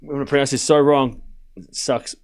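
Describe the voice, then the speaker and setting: A man's voice: mid-range voice, steady tone, normal speed, clean tone. An Australian man hosting a live tennis watchalong stream, calling the score in a casual, chatty way and often laughing at himself.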